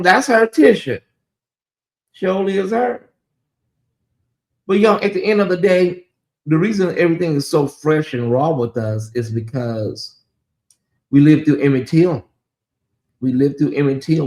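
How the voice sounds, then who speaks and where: A man's voice: a little high, lively intonation, unhurried, pauses often, a little mellow. A man with a Southern US accent hosting a casual livestream, talking straight to his viewers and reading out and answering their chat. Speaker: livestream host.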